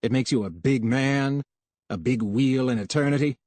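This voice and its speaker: A man voicing a curt, quick-tempered young technician. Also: mid-range voice, no room sound, natural voice. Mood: angry. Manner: curt, sharp, bitter.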